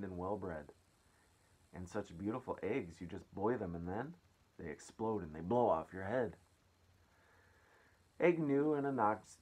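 A man voicing an excitable, grinning male centipede in a read-aloud storybook, reciting rhymes in a swooping sing-song. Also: low voice.

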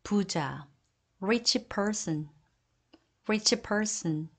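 A woman reads through a vocabulary list at a measured pace. She pairs each Korean term with its English phrase and repeats the English slowly and carefully. Her voice sits at an ordinary middle pitch. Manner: slow deliberate repetition of each English phrase. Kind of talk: word list reading, Korean then English repeated twice.

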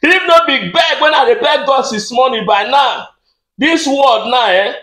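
A man with a Nigerian accent doing a rambling comic monologue, speaking excitably and stammering through repeated words. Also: extremely high pitch, measured pace, roomy sound. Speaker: comedian.

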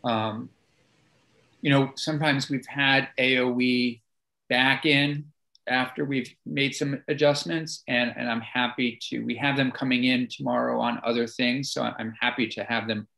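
A man chairing a committee meeting, his voice gravelly with plenty of fry. He talks in a loose, easygoing way, hedging and filling pauses as he moves the discussion along. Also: mid-range voice, rough recording. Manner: relaxed, hedging with fillers.

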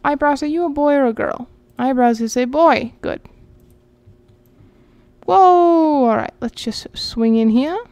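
A woman talks her viewers through a game in a loose, rambling way, often thinking out loud. Her voice sits a little high and sounds smooth and clear. The sound is close and dry, with no room echo. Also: normal speed, hardly any pauses. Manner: chatty, rambling, talks to viewers as she plays. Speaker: gaming channel host. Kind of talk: casual gameplay commentary.

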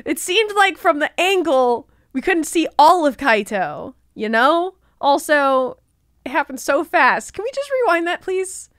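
A woman co-hosting a let's play, reacting in an excitable, giggly way with lots of exclamations. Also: high-pitched, measured pace, no room sound, clean studio sound. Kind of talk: casual gaming commentary.

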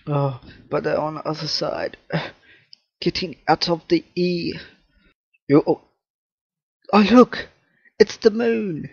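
A man's voice: fairly high pitch, animated, slow pace, creaky, long pauses, breathy edge, no room sound, highs cut off. Jumpy, swearing young man playing a game. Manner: jumpy, swears and laughs a lot, talks to objects. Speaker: gaming channel host. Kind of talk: let's play commentary.

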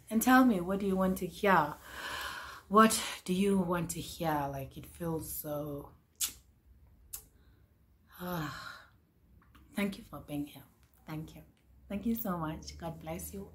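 A woman in her twenties chatting to camera as a vlogger, excitable and repeating her phrases. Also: on the low side. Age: 20s. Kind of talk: casual chat to camera.

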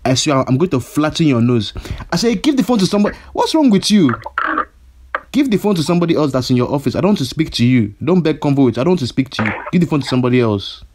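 A man's voice: medium pitch, animated, very fast, hardly any pauses, background noise, close to an everyday voice. A prank caller voicing a hot-headed male kidnapper who stammers and repeats himself, his threats escalating. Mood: furious. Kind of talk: prank phone call.

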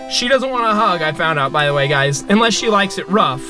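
Brief: high-pitched male let's-player, jokey, shouts at scares. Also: fairly quick, few pauses, music in the background. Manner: excitable, yelps and shouts at scares; joking, talks to viewers. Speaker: gamer. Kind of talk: let's play commentary.

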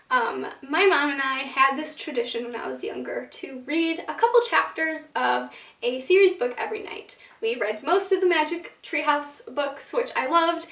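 Gushing high-voiced young woman in an echoey room. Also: fairly bright tone, recorded from a distance. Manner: chatty and gushing, heavy use of "like", quick dramatic asides. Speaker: book vlogger. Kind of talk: casual talking-to-camera vlog. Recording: echoey room, slightly off mic.

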